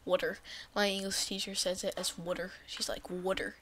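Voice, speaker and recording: A woman giving goofy, rambling gameplay commentary, often dropping into whispered asides and bursting into excited shrieks. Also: mid-range voice, a little fast, a little hiss or hum. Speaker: let's play commentator.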